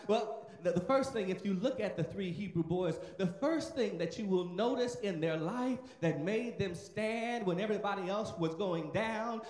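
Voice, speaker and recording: A man's voice: high voice, darkish tone. A male pastor preaching a sermon emphatically and calling out to the congregation in a church sanctuary. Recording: echoey church hall.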